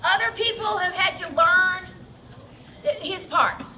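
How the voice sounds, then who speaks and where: An American woman in middle age introduces a student comedy show, drifting off her point as she goes. Her voice is very high and her delivery unhurried, with clear noise in the background. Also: sharp tone. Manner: rambling, loses her train of thought. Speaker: drama teacher introducing the show.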